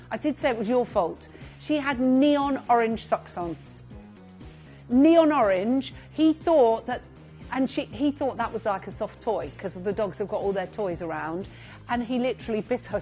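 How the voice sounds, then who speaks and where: A woman presenting live shopping TV, chatty and gushing as she reads out buyers' names, now and then clearing her throat. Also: on the high side, expressive, normal speed, darkish tone, faint music behind. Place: TV studio.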